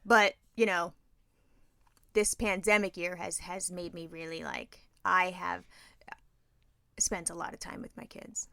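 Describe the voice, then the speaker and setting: A woman co-hosting a podcast, chatting casually and acting out her family in animated stories. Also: lowish voice, measured pace, gravelly, pauses often, dry recording. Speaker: podcast co-host. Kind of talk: casual chat.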